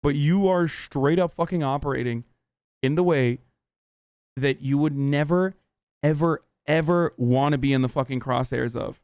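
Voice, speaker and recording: Male streamer, heated profane rant to chat, smooth resonant voice, fairly high, dry close sound. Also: darkish tone, no echo. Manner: profane, agitated, halting restarts.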